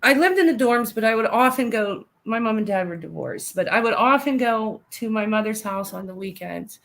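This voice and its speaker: A woman in her thirties co-hosts a casual podcast, her voice pitched fairly high. She chats freely and giggles often. She rattles off stories quickly. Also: expressive, creaky, fairly bright tone. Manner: chatty, giggly, tells stories fast. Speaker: podcast co-host. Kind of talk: casual chat reading live comments.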